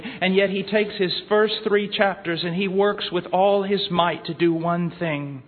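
Impassioned high-voiced male preacher. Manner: impassioned, swinging from hushed to shouting. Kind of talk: sermon. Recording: tinny lo-fi recording in a reverberant hall.

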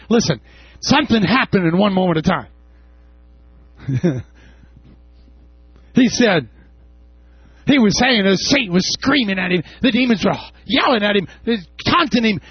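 A man preaching a sermon, impassioned, with shouted peaks and casual asides. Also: high voice, husky, no room sound. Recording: dull lo-fi sound.

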